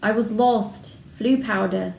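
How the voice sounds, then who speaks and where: A woman's voice: medium pitch, slow pace, vocal fry, a little mellow. A woman reading aloud voicing a flustered young boy wizard. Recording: roomy room, faint background noise.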